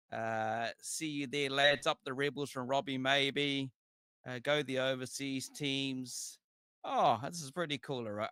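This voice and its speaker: A man from New co-hosting a casual live show, upbeat and giving shout-outs to viewers. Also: medium pitch, smooth, no echo, clean studio sound. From New Zealand. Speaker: co-host. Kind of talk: casual live-stream chat.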